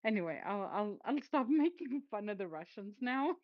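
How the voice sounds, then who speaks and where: A woman's voice: medium pitch, very animated, normal speed, no room sound. A woman from Sweden, chatting casually and mocking the news with a giggle, heard over a dull lo-fi call. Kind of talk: casual geopolitical chat.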